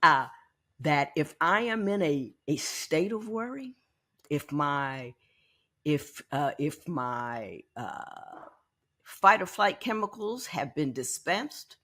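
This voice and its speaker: A woman in her sixties hosting a podcast, telling a personal story in a candid, animated way and often repeating words as she thinks. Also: deep voice, slow pace. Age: 60s. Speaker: podcast host.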